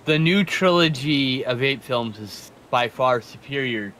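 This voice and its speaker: A young man hosts a laid-back stream where friends watch a show together. His voice sits at an ordinary middle pitch, and he talks loosely, with the odd curse thrown in. A faint background noise hangs under the talk. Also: unhurried. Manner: relaxed, swears casually, opinionated. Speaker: host of a group viewing stream. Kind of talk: casual livestream chat.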